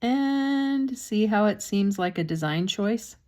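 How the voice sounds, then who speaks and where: A woman's voice: medium pitch, expressive, slow pace, darkish tone. A woman painting instructor talks casually through a step-by-step demonstration, with chatty, self-deprecating asides and a slightly sore throat.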